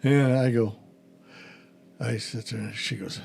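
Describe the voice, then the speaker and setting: A man's voice: medium pitch, big pitch swings, moderate pace, vocal fry, a little mellow, slightly rough. A middle-aged man, a pastor hosting a podcast, telling a story in a casual chat and acting out the phone calls in it.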